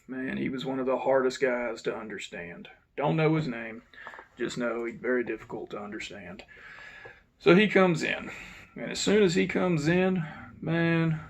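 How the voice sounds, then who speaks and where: Gravelly ex-guard, blunt storyteller, mid-pitched, swears casually. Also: male voice. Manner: blunt, frank, swears now and then. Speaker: former correctional officer. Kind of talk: casual first-person storytelling.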